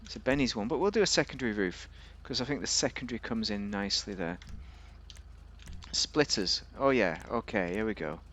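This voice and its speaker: A man's voice: fairly low pitch, expressive, brisk, a bit bright, a little hiss or hum. Chatty man reviewing a game car. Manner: chatty, rambling, jokey. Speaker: game video host.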